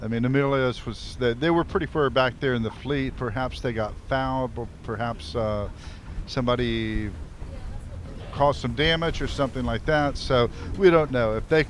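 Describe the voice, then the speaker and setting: A man's voice: medium pitch, normal speed, a little hiss or hum. A man co-commentating on a sailing race, thinking aloud with hesitant restarts.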